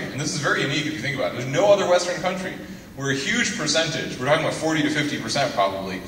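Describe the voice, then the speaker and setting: A young man's mid-range, slightly bright voice carries through a lecture hall as he gives a guest talk to students, full of jokes and playful teasing. The recording is far off and echoey, with some faint noise.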